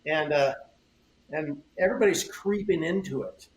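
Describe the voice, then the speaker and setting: An older man with a fairly high voice tells shop stories in a loose, rambling way, doubling back on words and playing out old conversations. He sounds like a craftsman talking shop as a podcast guest. The room around him is echoey, with faint ambient hiss underneath. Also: moderate pace. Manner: rambling, repeats words, acts out quoted exchanges. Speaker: surfboard shaper, podcast guest. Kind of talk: casual interview storytelling. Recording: roomy echo, faint ambience.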